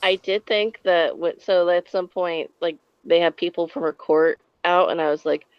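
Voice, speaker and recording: A woman's voice: fairly low pitch, fairly even intonation, normal speed, clear, resonant tone, no room sound, muffled recording. A woman chatting on a podcast, candid and wry, laughing at herself. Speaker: podcast co-host. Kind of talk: casual podcast chat.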